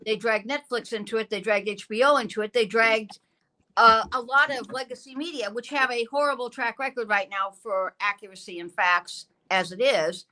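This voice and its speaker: A woman interviewer with a bright, forceful tone and a fairly high pitch. She presses her points with repeated phrases and questions. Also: moderate pace, poor audio. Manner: emphatic, repetitive, pressing questions. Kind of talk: conversational interview.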